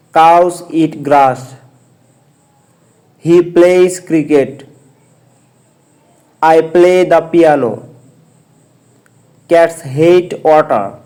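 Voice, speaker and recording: Guy teaching english, reads each sentence super slow, voice a bit high. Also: a little mellow, poor audio. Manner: slow, deliberate sentence-by-sentence reading. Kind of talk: reading example sentences aloud.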